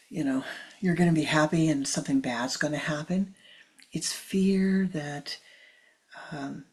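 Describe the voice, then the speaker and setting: A woman giving a spiritual talk in a soft, often half-whispered delivery. Her voice is very husky and breathy, low in pitch, with a gravelly edge of fry. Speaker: spiritual teacher.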